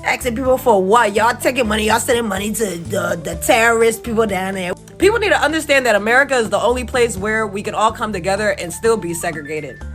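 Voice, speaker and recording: A woman's voice: medium pitch, expressive, quick pace, hardly any pauses, a bit bright, faint music behind. A woman giving a casual, emphatic reaction rant in slangy speech, breaking into laughter. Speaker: social media commentator.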